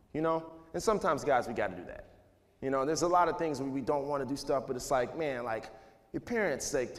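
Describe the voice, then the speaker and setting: A man in his thirties gives a casual motivational talk to students in a school auditorium, rambling loosely and filling his speech with "like" and "you know". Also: mid-range voice. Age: 30s. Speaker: speaker addressing students. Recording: echoey hall with faint noise.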